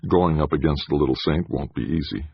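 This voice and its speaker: A man's voice: rumbling low, fairly quick, vocal fry, breathy edge, dry recording, highs cut off, heavily acted. A man voicing a slick, breezy male PR director who talks in a glib, joking way.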